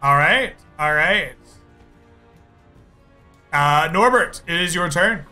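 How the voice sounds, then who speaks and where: Male game master, higher voice, bright and cutting, slow unhurried narration. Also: animated, soft background music.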